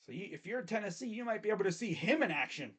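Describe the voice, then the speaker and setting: A man's voice: sits high, animated, very fast, fairly bright tone, slightly rough. A man hosting his own channel, giving casual sports predictions in a rambling, self-correcting way. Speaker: host. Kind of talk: casual sports picks commentary.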